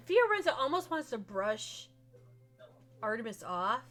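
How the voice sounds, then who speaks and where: A woman's voice: medium pitch, a little slow, a bit bright, soft background music. Casual woman narrating a tabletop game. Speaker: game master.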